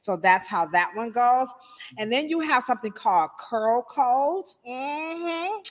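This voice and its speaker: A woman's voice: fairly high pitch, measured pace. Woman, live-stream host, chatty, playful, reverberant room. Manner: chatty, animated shout-outs with playful asides. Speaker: hairstylist hosting a live show. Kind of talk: casual live-stream chat.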